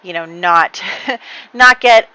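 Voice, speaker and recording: Bright-voiced chatty woman game host. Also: lowish voice, takes it slowly, smooth, no echo, low-quality recording. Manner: chatty, many fillers and light laughs. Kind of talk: casual gameplay storytelling.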